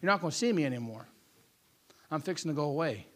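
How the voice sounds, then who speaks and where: A hushed, fatherly Jesus, put on by a male preacher, speaks low and steady. He sounds gentle but firm and unhurried, and the voice sits well below the preacher's usual bright tone. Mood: tender.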